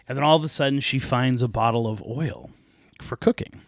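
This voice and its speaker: A man hosting a podcast, casually retelling a folk tale with lively asides and light laughs. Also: medium pitch, a little fast, no echo, clean studio sound. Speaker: podcast host.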